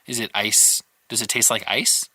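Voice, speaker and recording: Bright-voiced man in casual podcast chat. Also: fairly low pitch, fairly even intonation, moderate pace, breathy edge, no echo. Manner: rambling, stacks up questions. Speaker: podcast co-host.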